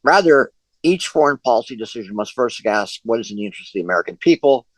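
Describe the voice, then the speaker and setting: A man's voice: mid-range voice, lively intonation, fast, dry recording, poor audio. A man leading an online discussion group over a video call, talking at length with many fillers and restarts.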